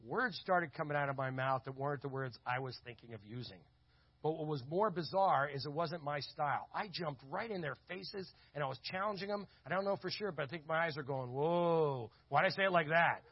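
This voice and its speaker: A man telling a lively story in a sermon, acting out the voices of the people in it. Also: fairly high pitch, brisk, breathy edge, no echo. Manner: animated, acts out quoted voices. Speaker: conference speaker. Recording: dull lo-fi audio.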